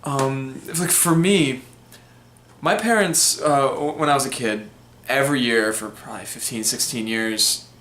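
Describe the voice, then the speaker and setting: A man's voice: mid-range voice, unhurried, a bit bright. A young man hosting a film vlog, reviewing a classic movie in a rambling, chatty way with many fillers. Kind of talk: casual movie review monologue. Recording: roomy echo.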